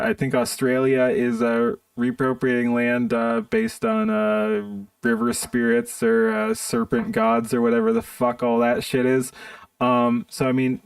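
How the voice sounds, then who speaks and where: A man's voice: mid-range voice, gravelly, clear, resonant tone, no echo, recorded from a distance. A man streaming live, ranting in a profane, exasperated way while reacting to videos. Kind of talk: casual stream commentary.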